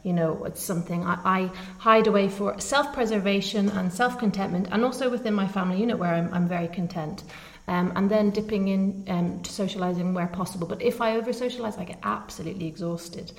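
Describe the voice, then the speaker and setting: A middle-aged woman chatting casually with friends. She talks in an open, reflective way about how she feels, and laughter comes easily. Her voice sits at an ordinary middle pitch. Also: fairly quick, vocal fry. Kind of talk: casual chat.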